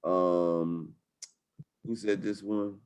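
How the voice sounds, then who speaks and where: A man with a slightly low voice hosts a webinar over a video call. His talk is hyped, slangy and upbeat. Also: steady tone, extremely slow, clear, resonant tone. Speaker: webinar host. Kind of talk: live webinar sales talk.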